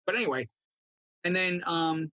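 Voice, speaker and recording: A man, a guest tarot reader, telling stories in a casual chat, animated and often adding "right?". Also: sits high, normal speed, no echo, dull audio. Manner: animated, acts out quotes, says "right?" often.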